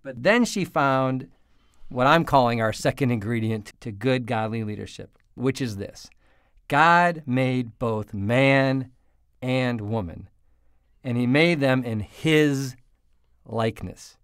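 A man's voice: medium pitch, slow pace, fairly bright tone, clear, resonant tone, dry recording, studio quality. A man hosting a podcast, speaking in an earnest, reflective way and leading into the next guest. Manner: earnest, reflective, leads the segments. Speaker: podcast host.

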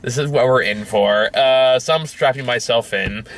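A man's voice: mid-range voice, normal speed, fairly bright tone. A man hosting a casual movie review chat, rambling and sarcastic, swearing and laughing often.

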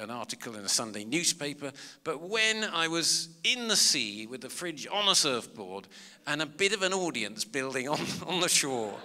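A comedian spins self-mocking stories for a live audience, his pitch leaping up and down as he goes. His voice is bright and forceful. The sound rings with the long reverb of a big public hall. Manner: chatty, self-mocking, animated anecdotes. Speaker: comedian and author giving a talk. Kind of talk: storytelling talk to a live audience.

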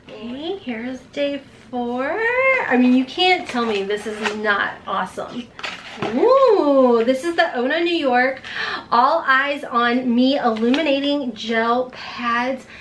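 A woman in her forties unboxing beauty products in a vlog, gushing and gasping with excitement. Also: sits high, a little hiss or hum. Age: 40s. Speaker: beauty vlogger.

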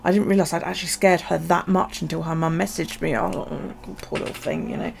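A woman's voice: lowish voice, fast, gravelly, a little hiss or hum. A middle-aged woman, a journaling vlogger, telling stories in a casual, chatty way and swearing freely. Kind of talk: casual chat.

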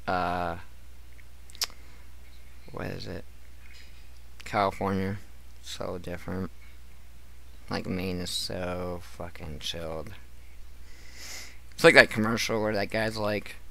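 Gravelly man ranting on a livestream. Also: lowish voice, fairly bright tone. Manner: profane, ranting storyteller who acts out coworkers. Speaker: streamer. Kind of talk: casual livestream chat.

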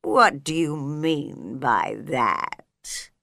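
A woman voicing a slow, sleepy and unfriendly male caterpillar in a storybook reading, drawling out curt questions. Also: low-pitched, animated, vocal fry, pushed and bright, dry recording, studio quality, pitched below the performer's own voice, full character voice.

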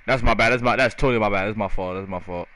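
Young male streamer, bright voice, loose slangy banter while gaming. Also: on the low side, racing. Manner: laid-back, slangy trash talk. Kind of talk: casual live gameplay commentary.

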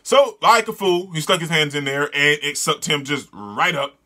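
A man reading a comic aloud and reacting with excited, disgusted exclamations and yelling. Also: a little high, moderate pace. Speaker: manga reader and reviewer.

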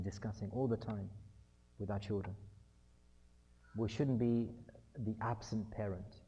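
A man with a mellow, dark voice gives a talk on raising children. His delivery is conversational and he returns to his key points again and again. He often slips into playing out short exchanges with his kids. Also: lowish voice, husky. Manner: acts out everyday family dialogues, repeats key points. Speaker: speaker on parenting. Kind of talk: conversational lecture.

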